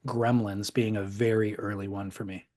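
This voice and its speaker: A man's voice: on the low side, level tone, moderate pace, a little mellow. A man co-hosting a podcast in casual chat, easygoing and wry, stretching his thoughts into long asides. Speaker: podcast co-host.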